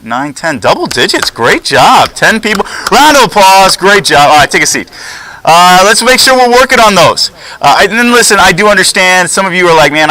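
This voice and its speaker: A man teaching a junior high class, upbeat and coaching as he calls on students one by one. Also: sharp tone, poor audio. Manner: upbeat, coaching, quick back-and-forth with students. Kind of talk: classroom lesson. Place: school classroom.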